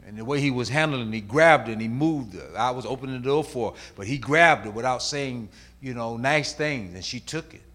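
A middle-aged man preaching a sermon, swinging from shouted lines to hushed asides and acting out quoted voices. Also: mid-range voice, a little fast, hardly any pauses.

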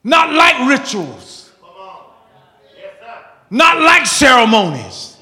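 A man preaching a sermon with fervor, shouting, peppering his lines with "uh" and exclamations of praise. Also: extremely high pitch, huge pitch swings, extremely slow. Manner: fervent, shouting, with frequent "uh" and "woo, Jesus" exclamations. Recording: echoey hall.

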